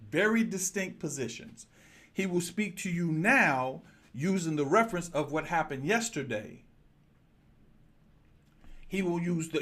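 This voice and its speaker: Man, pastor, lively sermon, handheld mic, slightly raised pitch. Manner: lively preaching, direct address to congregation. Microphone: handheld microphone.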